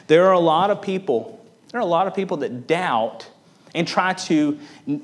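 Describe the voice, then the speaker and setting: A man preaching a sermon, verse by verse. He presses up in emphasis and then drops low for weight, and he repeats words as he explains. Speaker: pastor.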